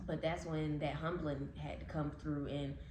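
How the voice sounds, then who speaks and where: A low-pitched woman speaks candidly and reflectively, pausing often. Her voice rings in an echoey room. A faint hiss sits behind it. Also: level tone, darkish tone. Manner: reflective, candid, with many fillers. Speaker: podcast co-host. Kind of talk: casual faith chat.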